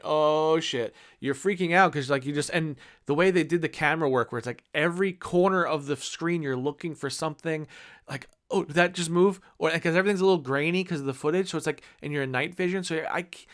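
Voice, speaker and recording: A man's voice: mid-range voice, fairly bright tone, clear, resonant tone. A man in his thirties giving a casual movie review, enthusiastic and rambling with many fillers.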